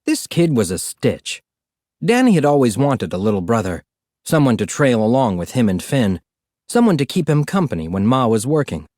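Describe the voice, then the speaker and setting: A man narrating a storybook in an expressive, animated reading. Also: medium pitch, normal speed, no echo, clean studio sound. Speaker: audiobook narrator.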